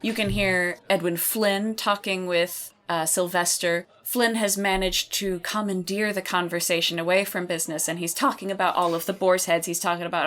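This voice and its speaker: A woman running a tabletop role-playing game, narrating scenes in a measured, descriptive way. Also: lowish voice, steady tone, a bit bright. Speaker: game master.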